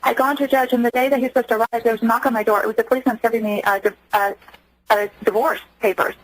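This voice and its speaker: Brief: quick, earnest woman guest, slightly high voice, dry close sound. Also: steady tone, dry recording, low-quality recording. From Germany. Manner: earnest, acts out quoted speech. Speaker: interview guest. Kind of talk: radio interview storytelling.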